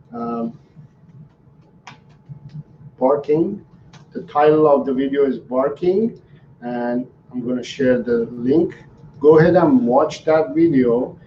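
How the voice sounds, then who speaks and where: A man, a dog trainer, answering viewers' questions on a live stream in an unhurried, halting way with many ums and restarts. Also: mid-range voice. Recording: roomy, distant, dull sound with faint noise.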